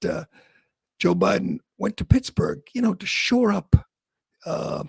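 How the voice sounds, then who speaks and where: Male talk host, sarcastic opinion commentary, high lively voice, dry close sound. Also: vocal fry, slightly rough, no echo. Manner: sarcastic, mocking, quick asides with laughs.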